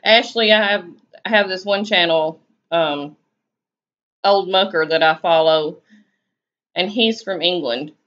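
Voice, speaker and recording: A woman's voice: on the low side, a little slow, pauses often, a bit bright. A woman with a Southern US accent, chatting casually on her live stream and answering viewers' comments in a laid-back, drawling way. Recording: dull lo-fi stream audio.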